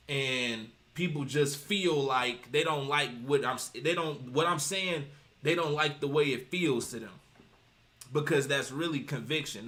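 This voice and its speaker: A man streams casual commentary with a voice pitched a little above the usual male range. He preaches with emphasis, cites scripture and rambles, doubling back on himself as he goes. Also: fairly bright tone. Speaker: streamer commenting on reaction videos.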